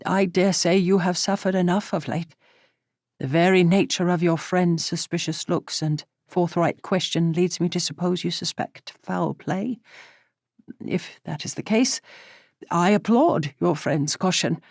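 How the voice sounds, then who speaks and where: A woman voicing a gentle courteous gentleman. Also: lowish voice, measured pace, gravelly, no room sound, clean studio sound. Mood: sorrowful. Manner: polite, formal Regency speech.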